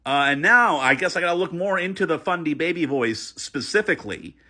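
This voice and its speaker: High, lively man giving heated commentary. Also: brisk. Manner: animated and emphatic, with restarts; earnest, critical. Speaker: video commentator. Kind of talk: response commentary.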